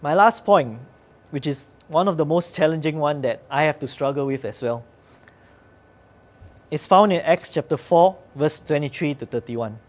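A man's voice: on the high side, moderate pace. A man preaching a sermon in an earnest, conversational way, with occasional fillers.

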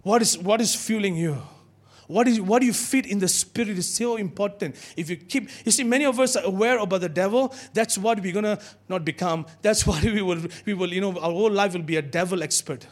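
Male preacher, high voice, animated sermon, call-and-response with the congregation, church setting. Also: brisk.

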